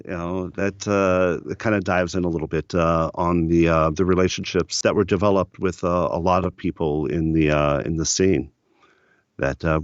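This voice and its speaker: A middle-aged man from the United States recounts his studio years in an easygoing, filler-heavy way. His voice sits low and deep. The recording is dry and a touch dull. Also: clean tone, no echo. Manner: rambling anecdotal storyteller with many fillers. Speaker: record producer, podcast guest. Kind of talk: casual storytelling interview.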